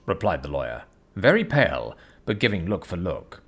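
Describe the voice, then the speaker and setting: A man giving a dramatic, expressive scripted narration of an audiobook. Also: low-pitched, normal speed, breathy edge.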